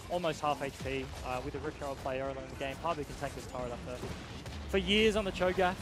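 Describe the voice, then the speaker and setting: A young man giving quick, analytical play-by-play for an esports match. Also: mid-range voice, over music. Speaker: esports caster. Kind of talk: fast esports commentary.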